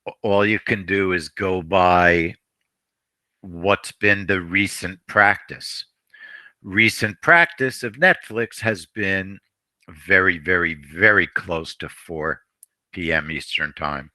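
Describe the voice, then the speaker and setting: Male trading host, very low bright voice, unhurried, repeats himself, dry sound. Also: no room sound. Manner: rambling, repeats phrases, frequent throat clearing. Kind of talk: live trading commentary.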